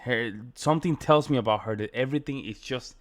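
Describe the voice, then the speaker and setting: A man's voice: mid-range voice, brisk. A man commenting on a debate clip for his viewers, emphatic and repeating his points. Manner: emphatic, repetitive, addressing viewers. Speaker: reaction video host. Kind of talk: reaction commentary.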